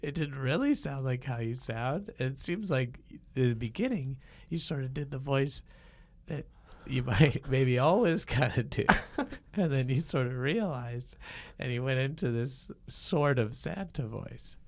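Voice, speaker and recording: A man's voice: mid-range voice, animated, a little slow, a little mellow, voice pushed up. A man playing a kid in an improv comedy scene, teasing and mocking Santa, laughing mid-sentence. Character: kid annoyed at getting coal from Santa.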